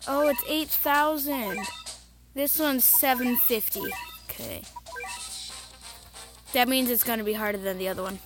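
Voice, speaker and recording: A woman talking casually over her own mobile gameplay, chatty and self-mocking, with bursts of excited cheering. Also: on the high side, a little slow, long pauses. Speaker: mobile game video host. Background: game music.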